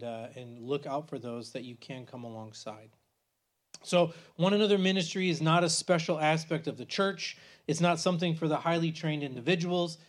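A man in his forties teaching a church bible class in a conversational way, with many restarts and frequent "right?" checks. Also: on the high side.

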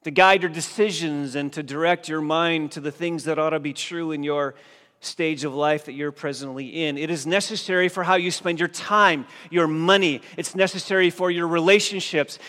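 A man's voice: a little high, normal speed, sharp tone. A male pastor preaching a sermon in a church, pressing his listeners with emphatic questions. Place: church sanctuary. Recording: long reverb of a church hall.

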